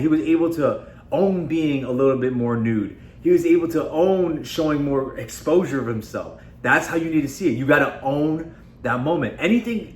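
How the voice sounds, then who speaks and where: Emphatic man in an echoey room. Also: fairly high pitch. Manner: conversational and emphatic, repeatedly addressing viewers as guys. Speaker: self-improvement video host. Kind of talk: casual motivational talk to camera. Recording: echoey room with faint background noise.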